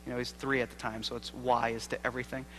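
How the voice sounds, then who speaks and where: A man delivers a keynote at a church gathering, part storytelling and part sermon, ending in prayer. His voice is bright and forceful, and he moves from loud emphasis to quiet, close passages. A faint electrical hum sits under the recording. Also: mid-range voice, flat delivery, quick pace, poor audio. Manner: earnest, swings from loud emphasis to hushed intimacy. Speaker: seminary professor giving a keynote. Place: lecture hall at a church convocation.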